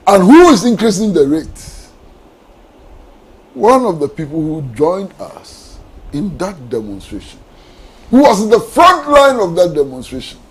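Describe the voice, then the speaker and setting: Man, talk show panelist, husky voice, passionate, swooping intonation. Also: high voice, low-quality recording. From Ghana. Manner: impassioned, with repeated rhetorical questions. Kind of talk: political talk show commentary.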